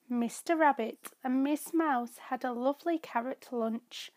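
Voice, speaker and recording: A woman reading her own children's story aloud, slow, gentle and clear. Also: high-pitched, no echo. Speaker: storyteller and author.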